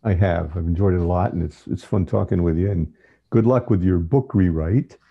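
A man with a very low voice that turns gravelly and husky, chatting as a podcast guest. He speaks in a relaxed, unhurried way and often trails off. His voice comes through a dull, lo-fi line. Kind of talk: casual conversation.

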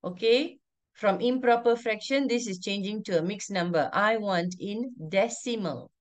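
A woman's voice: medium pitch, unhurried. A woman teacher, teaching an online class over a video call, firmly repeating instructions and calling on pupils by name. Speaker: primary school teacher.

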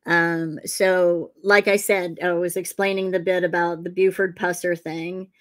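A woman's voice: lowish voice, level tone, unhurried, a bit bright. A woman who is a psychic detective and author, telling a long story in a casual interview over a video call, circling back with fillers as she goes.

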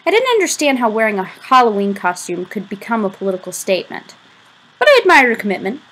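A woman reading a novel aloud as an audiobook, giving the first-person narration a lively, expressive delivery. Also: fairly high pitch, quick pace, rough recording. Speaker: audiobook reader.

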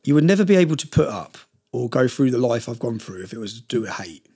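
Man, middle-aged, rapid rambling talk, gravelly husky voice, intense personal story. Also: mid-range voice, sing-song, mellow. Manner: rambling, intense, with many restarts. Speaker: podcast guest.

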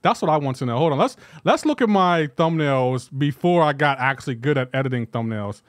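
A man livestreaming gameplay and chatting with his viewers, animated and incredulous and laughing often. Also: mid-range voice, fairly quick, no room sound, studio quality. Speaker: gaming livestreamer. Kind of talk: live gameplay commentary with chat.

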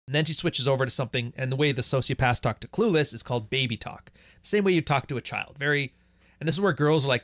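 This livestream host is a fast-talking man with a mid-range, fairly bright voice, speaking bluntly and swearing plenty as he reads out viewer donations and super chats in a casual monologue. The recording is dry, with clean studio sound.

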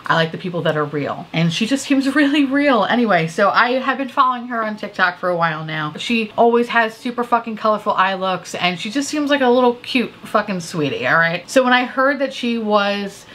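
Bright-voiced, foul-mouthed tipsy woman. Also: medium pitch, lively intonation, a little fast, hardly any pauses. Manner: candid, swears a lot. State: a little tipsy from drinking. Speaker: beauty vlogger reviewing makeup releases. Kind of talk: casual chat.

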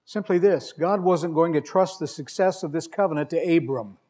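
A man preaching a sermon in a fairly high voice. His delivery is conversational and wry, and he leans hard on key words when he reads scripture aloud. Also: moderate pace, mellow. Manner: wry, conversational storytelling with emphatic scripture reading.

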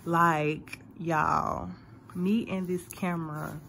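A woman's voice: lowish voice, fairly even intonation, drawn-out words, vocal fry, fairly bright tone, a little hiss or hum. A woman in her twenties from Florida, chatting casually and rambling to her viewers in a vlog recorded on a phone. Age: 20s. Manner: chatty, rambling, laughing often. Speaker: vlogger. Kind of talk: casual chat to camera.

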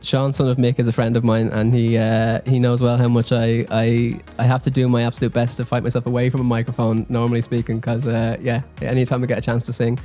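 A man with a Dublin accent, a guest musician on a talk show, chatting in a relaxed, easygoing way. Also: mid-range voice, fairly quick, few pauses, soft background music. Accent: Irish, Dublin. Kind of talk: casual interview chat.

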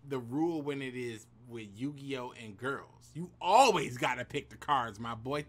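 Speaking at normal speed, a man with a medium-pitched, expressive and fairly bright voice narrates a personal story for his vlog. He's crude and slangy, throwing hype asides to the people watching.

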